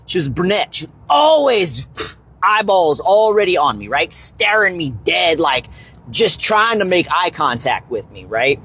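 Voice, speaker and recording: A young fitness and finance creator rambles through a story on a livestream, swearing freely and tacking "right?" onto his lines. His slightly rough voice jumps high whenever he gets excited.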